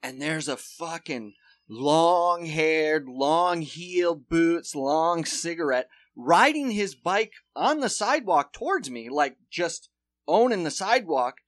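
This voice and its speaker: Bright-voiced man telling profane stories. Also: fairly high pitch, slow pace, dry recording. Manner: animated, profane storytelling. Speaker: podcast co-host. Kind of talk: casual chat.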